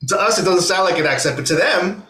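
Man, fairly high voice, musician guest, animated casual chat, echoey room. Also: fast talker. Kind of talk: casual conversation.

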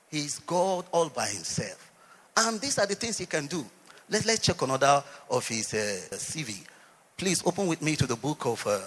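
Male preacher, lively swinging delivery, slightly husky, long hall echo. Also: a little high. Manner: emphatic, rising to loud declarations, with laughs. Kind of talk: sermon.

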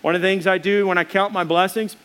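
A man with a notably high-pitched voice delivers a sermon as pastor. He talks straight to the congregation, earnest and emphatic, and stacks repeated phrases to press each point home. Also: fairly even intonation, quick pace, fairly bright tone. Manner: earnest, emphatic, addresses listeners directly; drives points home by repetition.

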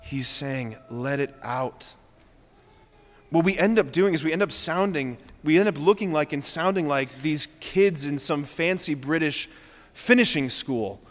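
A high-voiced man, in the role of a Catholic priest, preaches with mounting passion at a moderate pace, repeating phrases to drive home his earnest words. After every line, a large church's long reverb lingers.

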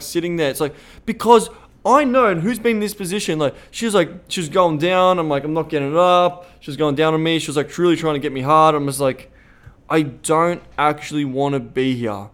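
A young man with an Australian accent tells a story on his podcast. His voice sits a little high, and he rambles casually with lots of swearing and "like" fillers. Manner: rambling, profane, many "like" fillers. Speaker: podcast host.

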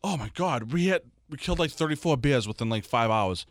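A young man, co-hosting a casual podcast and telling stories in an animated way, jumping up into high voices for quotes. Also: brisk, no room sound, studio quality. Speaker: podcast co-host. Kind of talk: casual chat.

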